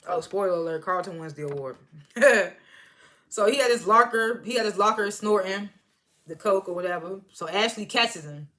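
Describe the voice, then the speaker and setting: A woman's voice: medium pitch, normal speed, a bit bright. A woman casually recapping a TV episode, chatty and slangy as she retells scenes. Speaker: TV show reviewer.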